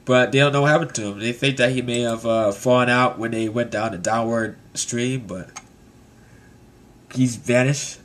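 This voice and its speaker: A man doing a casual comic recap of a manga chapter. He rambles and swears, talks at a mid pitch, and laughs often as he goes. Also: normal speed, a bit bright, slight background noise.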